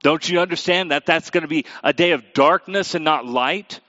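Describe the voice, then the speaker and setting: A man delivering a sermon in a fairly high voice, reading scripture and dropping low and quiet before rising to emphatic questions for his listeners. The sound is dry and a little dull, like a lo-fi recording. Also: moderate pace, no room sound. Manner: reads scripture aloud, shifts between quiet and emphatic; asks the audience questions directly. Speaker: pastor.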